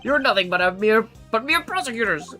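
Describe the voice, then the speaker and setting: An arrogant old chairman villain, played by a man, scornful and blustering, his voice rising and swelling as he sneers. It is a lively, theatrical read. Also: sits high, a little fast, soft background music, pitched above the performer's own voice.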